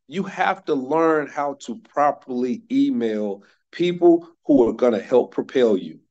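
A man's voice: mid-range voice, mellow, highs cut off. A man in his fifties from North Carolina gives a motivational workshop talk in a mid-range voice. He is emphatic and hammers his main points by saying them twice. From North Carolina, United States. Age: 50s. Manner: emphatic, repeats key phrases for stress. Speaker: workshop speaker.

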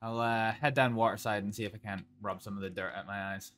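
Woman doing Thomas, a soft-spoken newcomer. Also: extremely low pitch, steady tone, fast, slight background noise. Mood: wry. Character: Thomas, a newly arrived Scottish man, mild and easygoing. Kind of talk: in-character role-play. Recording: faint game music behind.

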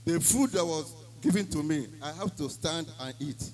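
A man's voice: on the high side, lively intonation, normal speed, a little mellow, poor audio. Emphatic Nigerian man giving testimony. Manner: emphatic storytelling, Nigerian Pidgin phrases. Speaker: church member giving testimony. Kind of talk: church testimony.

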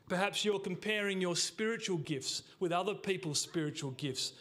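A man, a pastor, preaching a sermon to his congregation, emphatic, slowing key words and dropping to a hush. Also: sits high. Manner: addresses the congregation directly.

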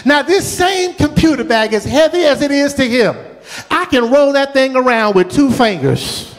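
A man's voice: extremely high pitch, lively intonation, moderate pace. A middle-aged man preaching a storytelling sermon with a folksy, repetitive cadence. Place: church sanctuary. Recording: long church hall reverb.

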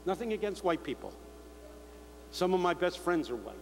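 An older man preaching a sermon to a big crowd, telling stories and acting out the shouts of others. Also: high-pitched, very animated, normal speed, vocal fry. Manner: storytelling, mimicking shouts of others. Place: large convention hall. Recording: echoey hall with faint hum.

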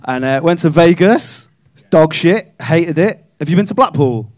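A man's voice: on the high side, expressive, moderate pace, darkish tone, dry recording, studio quality. A male stand-up comedian, doing cheeky, sweary crowd work from a comedy club stage.

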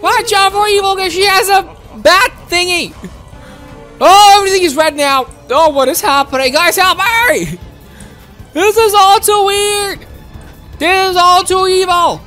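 Excitable high-voiced woman gaming. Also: a little slow, soft background music. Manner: excitable, exclaiming, childlike. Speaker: game streamer. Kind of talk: playful gameplay commentary in character.

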